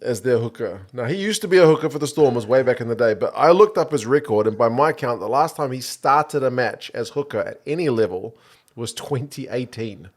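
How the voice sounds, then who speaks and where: A man's voice: mid-range voice, lively intonation, a little fast. A man, co-hosting a casual podcast chat and laying out facts and figures. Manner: matter-of-fact, brings stats and detail. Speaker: podcast co-host.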